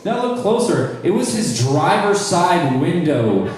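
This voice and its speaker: A young man from North Charleston, South Carolina, USA, does a stand-up set for a small crowd in a small live comedy room, picked up by a distant mic in an echoey room. His voice is high, darkish, and very animated at a measured pace, and his crowd work is wry and self-deprecating.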